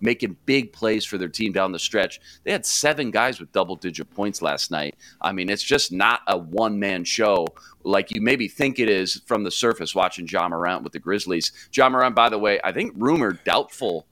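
A man's voice: fairly low pitch, moderate pace, hardly any pauses, sharp tone, no room sound. A man hosting a casual sports talk show, upbeat and conversational. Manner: upbeat, conversational, says man and dude a lot. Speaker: host.

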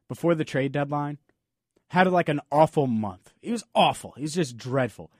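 A man's voice: a little high, expressive, moderate pace, dry recording, clean studio sound. A man hosting a sports talk podcast, delivering an emphatic, opinionated monologue full of rhetorical questions. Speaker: podcast host.

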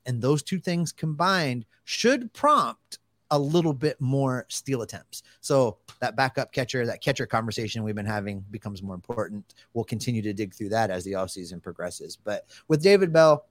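A man co-hosting a sports podcast, talking casually in an animated, joking way. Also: medium pitch, moderate pace, dry recording. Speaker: podcast co-host.

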